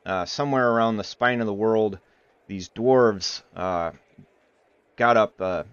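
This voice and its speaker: Here an Iowa man on the low side, fairly bright and smooth, narrates a tabletop game livestream as game master at a measured pace, his voice itself recorded dry. He rambles through plenty of fillers and playful character voices, while the stream sounds muffled with faint music.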